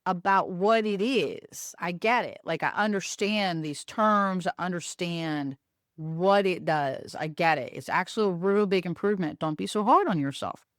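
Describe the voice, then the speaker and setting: Woman quoting patient male VP, calm, coaxing, step-by-step; dry close sound. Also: fairly low pitch, moderate pace, dry recording, natural voice. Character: patient soft-spoken male marketing boss.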